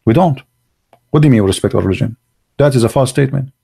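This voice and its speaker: A man's voice: medium pitch, animated, fast, creaky, dark tone, slightly rough. A man from the Arab world, hosting an online show in a blunt, emphatic monologue full of rhetorical questions and grammar. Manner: broken, non-native grammar. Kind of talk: opinionated livestream monologue.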